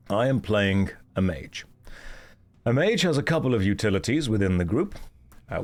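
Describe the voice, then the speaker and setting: A man with a fairly low voice chats casually while streaming a game. He explains mechanics in a playful, self-mocking way.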